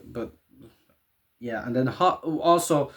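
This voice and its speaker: A young man, casually recapping a show in a rambling, excitable way with a lot of swearing and laughter. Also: mid-range voice, slow pace.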